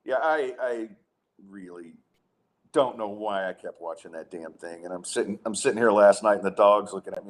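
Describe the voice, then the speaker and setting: A man's voice: on the low side, moderate pace. A middle-aged man hosting a podcast, chatting casually and ranting with sarcasm and frequent restarts. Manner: exasperated, sarcastic, many restarts. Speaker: podcast host.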